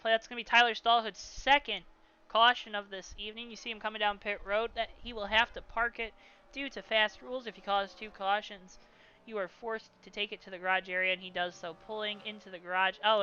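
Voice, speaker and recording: A man calling a simulated stock car race as play-by-play commentator, lively with joking asides. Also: high voice, muffled recording, a little hiss or hum. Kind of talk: sim racing commentary.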